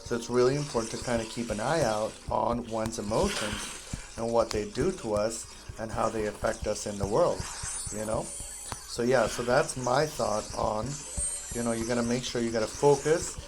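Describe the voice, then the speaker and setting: A gaming streamer with a mid-range voice rambles casually to his viewers as he plays, with background noise behind him. He drifts from one topic to another and often cuts himself off mid-sentence.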